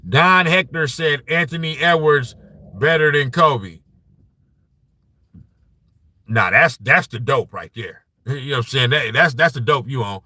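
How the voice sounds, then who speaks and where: A man hosting a casual live-streamed basketball talk show, reading the chat and arguing points in an animated, profane way, often saying "you know what I'm saying.". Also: mid-range voice, a little slow, long pauses, dry recording.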